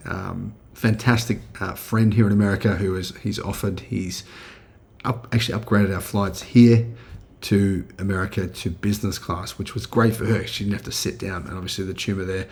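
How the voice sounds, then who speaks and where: A middle-aged man with an Australian accent talks to his channel in an easy, chatty way, often restarting his sentences and filling pauses. His voice sits a bit low, with a gravelly fry. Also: darkish tone. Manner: chatty, with many fillers and restarts. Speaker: channel host. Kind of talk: casual video commentary.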